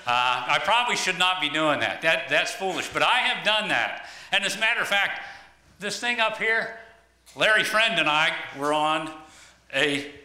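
A man preaches in a loose, conversational way, pausing on ums and restarting sentences as he goes. His voice is very bright and forward. He is heard in a roomy, echoing church space. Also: a little high, expressive. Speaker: lay preacher. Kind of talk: sermon. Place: church hall. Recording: echoey room.

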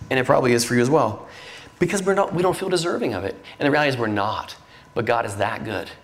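A man's voice: medium pitch, a bit bright. A middle-aged man preaching a sermon in an earnest, conversational way, with frequent fillers and restarts. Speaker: pastor.

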